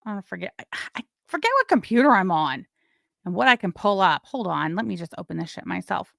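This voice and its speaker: A woman hosting a live stream, giving casual gossip commentary in a blunt, crude way with sudden loud, excited bursts. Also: fairly low pitch, a little fast, creaky, dry recording, clean studio sound. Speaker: livestream host.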